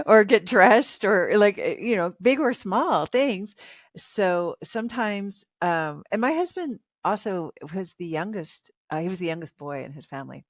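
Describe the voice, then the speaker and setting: A relationship author in her fifties is a guest on a casual interview, chatting reflectively and laughing often. Her voice is lowish, and the clean studio recording has no echo.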